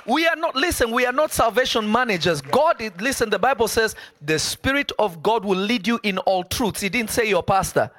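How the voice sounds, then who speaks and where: A man preaching a live sermon, emphatic and conversational, breaking into quick asides. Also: sits high, expressive, a bit bright.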